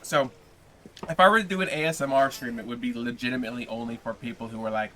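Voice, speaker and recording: A man with a bright, forceful voice talks on his livestream in a loose, joking way, teasing his chat. A faint hum of noise sits under him at a middle pitch. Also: fast. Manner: playful, joking, chatty with viewers. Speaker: livestream host and reader.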